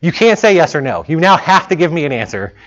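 A man's voice: fairly high pitch, big pitch swings, fast talker, a bit bright. A man in his thirties giving a casual talk to students as a guest speaker, chatty and self-deprecating, laughing often. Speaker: guest speaker, lead programmer. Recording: muffled lo-fi recording.

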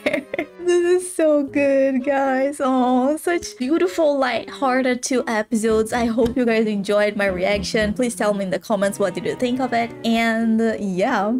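Excitable woman reacting to a drama. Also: fairly high pitch, a little slow, hardly any pauses, faint music behind. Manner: excitable, laughs often, swears casually. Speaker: reaction video host. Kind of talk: casual reaction commentary.

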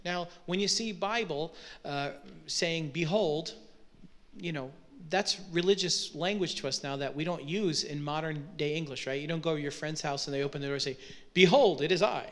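A man's voice: a little high, normal speed, a bit bright. A man preaching a sermon, explaining Bible verses in a conversational way with frequent rhetorical questions. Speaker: pastor.

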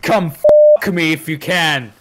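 A man's voice: fairly high pitch, unhurried, a crowd in the background. A young man joking crudely while playing an online shooter with a friend, over game gunfire. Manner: wildly up-and-down delivery, crude jokes. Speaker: co-player. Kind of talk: crude casual chat while gaming. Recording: gameplay with loud gunfire behind.

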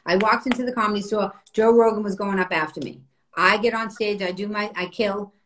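A middle-aged woman comedian telling stories in casual podcast chat, animated and profane. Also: medium pitch, fairly quick, poor audio. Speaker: comedian guest.

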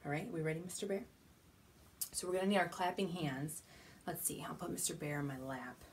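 A woman children's librarian leading a baby storytime from a small home studio, gentle and animated, often dropping to soft whispers. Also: deep voice, fairly quick, a little hiss or hum. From United States. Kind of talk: baby storytime with rhymes and songs.

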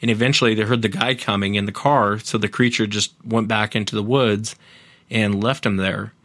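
Low-voiced man retelling stories. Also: fairly even intonation, normal speed, fairly bright tone, no room sound. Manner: earnest, retells others' encounters at length. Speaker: podcast host as guest. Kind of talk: casual storytelling interview.

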